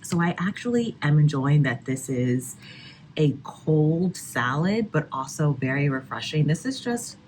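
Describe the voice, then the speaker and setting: A woman's voice: low-pitched, sing-song, a little slow, a little mellow, a little hiss or hum. Woman, chatty and filler-heavy, home kitchen, casual cooking vlog. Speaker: food vlogger.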